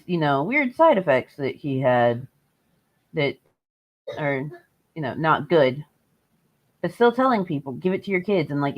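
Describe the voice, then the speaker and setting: Profane ranting woman streamer. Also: deep voice. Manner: swears heavily, sarcastic, rants. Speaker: livestream host. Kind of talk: casual livestream chat. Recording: dull lo-fi stream audio.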